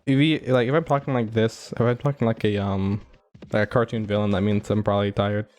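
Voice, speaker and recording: A man's voice: lowish voice, fairly even intonation, brisk, darkish tone. A man giving casual, rambling commentary over his own game playthrough, full of filler words and chuckles. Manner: rambling, heavy use of "like" fillers, chuckling asides. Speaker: gameplay commentator.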